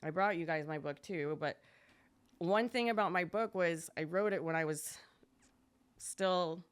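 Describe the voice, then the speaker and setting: A young woman, guesting on a podcast, relates her story in quick, chatty conversation with a clean tone. When quoting others, she acts them out and her voice jumps higher.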